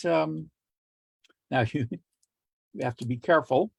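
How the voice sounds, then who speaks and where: A middle-aged man teaching communication skills in a relaxed lecture, telling jokes with quoted voices and small laughs. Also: fairly high pitch, unhurried, creaky, pauses often, breathy edge, dry recording. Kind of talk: lecture with joke anecdotes.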